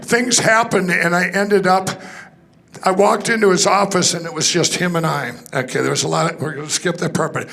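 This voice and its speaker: A man speaks from a conference stage, telling his personal testimony. His voice is gravelly and sits slightly high. He rambles excitedly and restarts his sentences often. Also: moderate pace.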